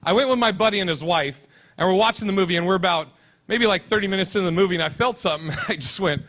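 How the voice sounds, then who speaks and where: Man, stand-up comedian, crude punchy delivery, brash, bright sharp tone. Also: sits high, expressive, racing. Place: convention stage.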